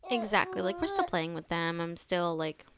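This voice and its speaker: A woman's voice: lowish voice, big pitch swings, normal speed, background noise. A young adult woman co-hosting a parenting podcast, chatting casually and often agreeing with "yeah" and "mm-hmm". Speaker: podcast co-host, mother. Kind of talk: casual chat.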